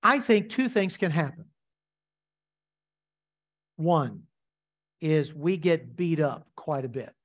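A man's voice: fairly high pitch, big pitch swings, takes it slowly, pauses often. A man preaching a sermon as pastor, emphatic and repetitive, asking the congregation rhetorical questions.

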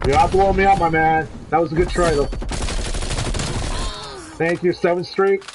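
An excitable male streamer talking through a shooter match as he plays it, his voice sitting a little higher than most men's. He drops to a mutter, then jumps into sudden yelps and pleading. Gunfire and game sounds are clearly heard behind him. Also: moderate pace, noisy background. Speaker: gaming streamer. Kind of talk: live gameplay commentary.

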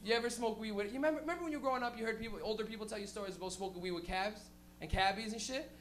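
A stand-up comedian doing a live set, rowdy and profane, breaking into loud shouted impressions. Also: mid-range voice, very fast, a little hiss or hum.

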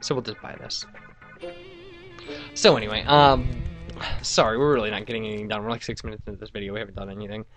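A man's voice: fairly low pitch, steady tone, fast talker, pauses often, a bit bright, faint music behind. A young man from Wisconsin giving rambling, chatty commentary while playing a game. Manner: rambling, chatty, many fillers and asides. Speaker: let's play host. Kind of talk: casual gameplay commentary.

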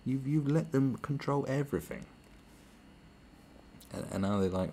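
A man's voice: medium pitch, a little slow, pauses often, dark tone, slight background noise. A British man hosting a podcast, delivering a sarcastic, profane rant. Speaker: podcast host. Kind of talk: podcast monologue.

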